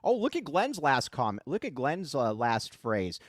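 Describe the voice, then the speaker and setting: A man hosting a live sports talk show, his voice mid-pitched and swinging widely up and down. He talks in a chatty, animated way. The sound is dry and close. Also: normal speed, dry recording. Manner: animated, chatty, self-deprecating.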